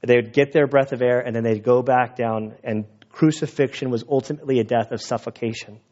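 A man's mid-range, steady, slightly mellow voice moves at a brisk pace in a muffled recording. He's a pastor preaching outdoors at a church gathering, weaving conversational stories that sometimes turn emotional.

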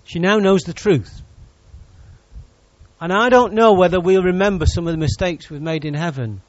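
A man's voice: high voice, normal speed, no echo, dull audio. A man preaching a sermon as pastor, teasing and joking with his congregation between points. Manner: lively, teasing preacher who jokes with the congregation.

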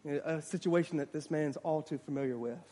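A man's voice: on the high side, fairly quick, warm tone. A man preaching a sermon, retelling a story dramatically and acting out the voices of its people.

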